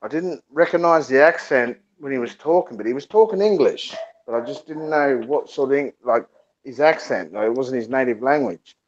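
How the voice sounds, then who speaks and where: A man's voice: medium pitch, moderate pace, dull audio. A man hosting a live show, telling stories in loose, profane casual chat. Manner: profane storytelling, animated.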